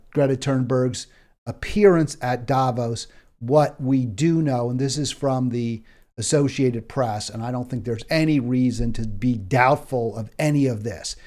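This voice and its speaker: A man's voice: medium pitch, darkish tone. A man with an American accent hosting a solo political commentary show, talking in an impassioned way with emphatic repetition and frequent fillers and restarts.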